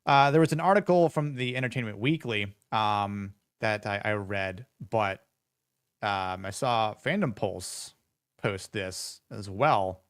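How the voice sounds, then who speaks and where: A man's voice: on the low side, slow, clean tone, no echo, studio quality. A man in his forties hosting a live podcast, talking casually with many fillers and sarcastic asides. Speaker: podcast host. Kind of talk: casual live-stream commentary.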